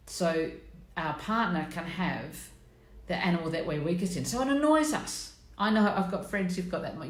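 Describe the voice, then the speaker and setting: A middle-aged woman hosting a live stream, chatting bluntly and with self-mockery, greeting her viewers by name. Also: deep voice. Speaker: host of a personality coaching live stream. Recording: echoey room.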